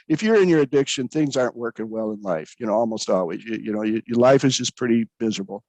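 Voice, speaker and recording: A man's voice: medium pitch, fast, hardly any pauses, darkish tone, no room sound, low-quality recording. A man, a pastor in recovery, speaking earnestly about his own story, with frequent restarts. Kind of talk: candid personal storytelling.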